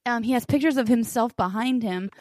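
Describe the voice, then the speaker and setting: A woman's voice: on the high side, a little fast, a little mellow, dry recording. A young woman co-hosting a podcast, chatting playfully and laughing often. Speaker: podcast co-host. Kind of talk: casual chat.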